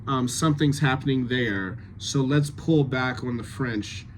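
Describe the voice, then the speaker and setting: A man reads out rehearsal notes to his cast, pausing often as he thinks them through. He speaks at an unhurried, deliberate pace. A faint room ambience sits under his voice. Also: medium pitch, a little hiss or hum. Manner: thinking aloud, halting, many fillers. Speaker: dialect coach giving notes.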